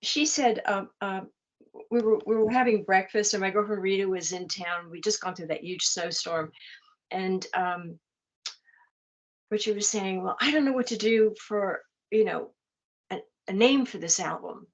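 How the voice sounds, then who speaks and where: Older woman, lively storyteller, dull lo-fi recording. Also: medium pitch, moderate pace. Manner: lively anecdotes with laughter. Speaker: interview guest. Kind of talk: casual storytelling.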